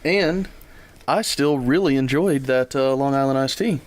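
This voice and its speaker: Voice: mid-range voice, a little slow. A podcast co-host, chatting casually in a playful, joking way. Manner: playful, joking, laughs easily. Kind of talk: casual chat.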